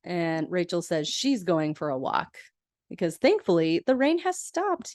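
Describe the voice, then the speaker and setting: A woman's voice: lowish voice, expressive, normal speed, darkish tone, no room sound, studio quality. A young adult woman hosting a podcast, recapping sitcom episodes in a chatty, casual way and quoting characters playfully.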